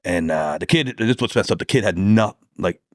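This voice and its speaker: A man's voice: deep voice, lively intonation, brisk, dry recording, clean studio sound. A man, a police detective, telling stories from the job in a podcast interview, swearing freely and acting out heated phone calls.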